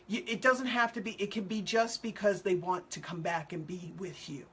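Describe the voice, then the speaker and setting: Chatty, upbeat woman host. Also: medium pitch. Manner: chatty and upbeat, acting out quotes playfully; loose, repetitive phrasing with fillers. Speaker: animal communicator hosting a show. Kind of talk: casual live talk answering viewer questions.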